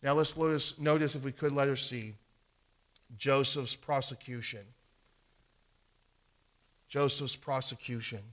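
Preaching at a slightly slow pace with frequent pauses, this man has a mid-range, somewhat bright voice and a steady tone. He reads from scripture, repeats key phrases for emphasis, and his loudness swells and fades.

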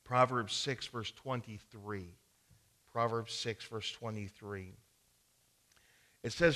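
A man preaching a sermon, reading scripture slowly and deliberately, praying, and building emphasis as he teaches. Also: lowish voice, fairly even intonation, pushed and bright, big-room sound. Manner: storytelling with acted-out dialogue.

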